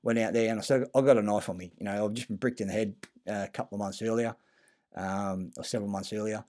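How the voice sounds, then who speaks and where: A man giving a rambling, profane monologue, halting often with fillers and restarts. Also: on the low side, little pitch movement, darkish tone. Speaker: conspiracy talker.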